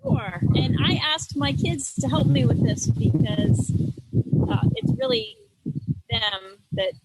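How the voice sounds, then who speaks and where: A high-voiced woman chats as a podcast guest, casual and self-deprecating, with frequent ums. Her call line carries loud noise. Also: huge pitch swings, takes it slowly. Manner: chatty, self-deprecating, with fillers. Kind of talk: casual interview conversation.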